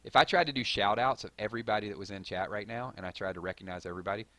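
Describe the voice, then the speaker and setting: A man with a Southern drawl hosting a live stream, reading viewer comments and hyping up his audience in a rambling, excitable way. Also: on the low side, rapid-fire, no echo. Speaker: gaming channel host.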